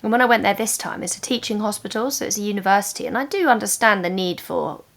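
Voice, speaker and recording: Woman podcast host, casual chat, animated and emphatic, medium voice. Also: medium pitch, fast, gravelly. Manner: animated, emphatic retelling with many "like" fillers. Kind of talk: casual chat, personal storytelling.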